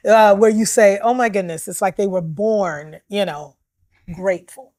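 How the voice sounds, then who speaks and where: A woman's voice: medium pitch, normal speed, a little mellow, no room sound, studio quality. A woman minister hosting a church panel discussion, encouraging and affirming her guests as they talk. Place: church studio.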